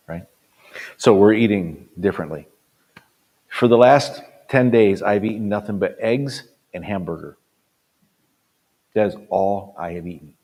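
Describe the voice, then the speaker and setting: An older man with a very low, deep voice gives an earnest motivational talk as a pastor. He drives points home by repeating phrases, jumping from loud bursts down to near-quiet asides. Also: measured pace, long pauses. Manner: swings between loud punches and quiet drops. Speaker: pastor and conference speaker.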